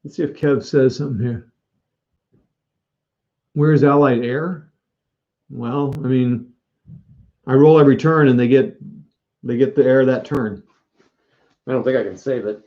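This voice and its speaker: This man's medium-pitched voice is unhurried, with long pauses, and the sound is lo-fi. He offers casual commentary while live-streaming a board wargame, joking at his own expense and talking with viewers.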